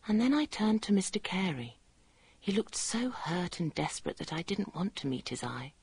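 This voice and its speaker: Sensible nurse narrating, husky voice, earnest and thoughtful. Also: female voice, low voice, darkish tone, no room sound. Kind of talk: first-person radio narration.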